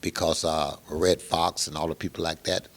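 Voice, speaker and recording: An older man telling a long story in an interview, animated and acting out the other people's lines. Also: a bass voice, moderate pace. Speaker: guest musician.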